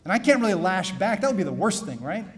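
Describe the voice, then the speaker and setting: A man, a priest, giving a keynote talk at a conference, telling stories softly and then preaching loud and emphatic. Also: high voice, very animated, fast. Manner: storytelling, shifting from soft confiding to loud emphatic preaching. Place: conference hall.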